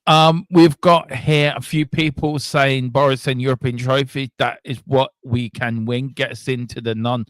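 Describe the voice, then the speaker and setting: This man rambles through a live football watchalong, animated and loose, dropping casual swears. His voice sits at an ordinary middle pitch and sounds dry and close to the mic, with no room around it. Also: no echo. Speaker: watchalong host.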